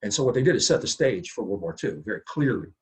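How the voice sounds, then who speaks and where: A man's voice: lowish voice, sing-song, quick pace, slightly rough, poor audio. A male history professor giving a university lecture in a conversational way, checking in with the class with rhetorical questions and frequent "right?", with fillers and restarts. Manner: restarts and "uh" fillers, loud bursts on key points.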